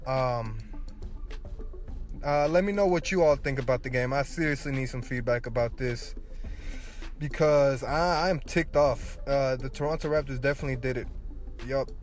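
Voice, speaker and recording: A young man hosts his own solo sports podcast, ranting angrily and swearing as his outrage climbs nearly to shouting. His voice is mid-range at a normal speed, with soft music in the background.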